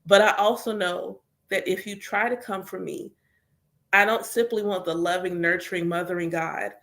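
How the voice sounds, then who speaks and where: A woman's voice: medium pitch, steady tone, normal speed, creaky, fairly bright tone. A woman talking casually and candidly about her spiritual practice as a reader and teacher, with lots of "like" and voiced quotes of her prayers. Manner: candid, chatty, full of filler "like".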